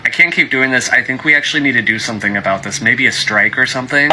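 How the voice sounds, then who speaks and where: A man's voice: medium pitch, fast, pushed and bright, a little hiss or hum, poor audio. A man complaining with frustration in a comedy sketch to camera. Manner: frustrated griping, then playful character switching.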